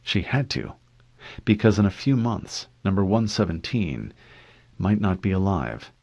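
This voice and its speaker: Brief: male narrator, low voice, animated pitch, reads prose expressively. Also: unhurried, creaky, no room sound. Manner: expressive reading with lively pitch. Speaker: audiobook reader. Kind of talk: fan audiobook narration.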